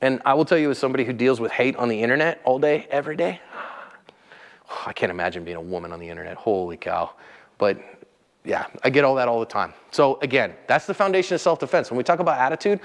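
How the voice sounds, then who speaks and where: A man hosting a casual instructional talk, earnest and emphatic, dropping low and quiet when he describes staying calm. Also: fast talker, long reverb tail. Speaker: host.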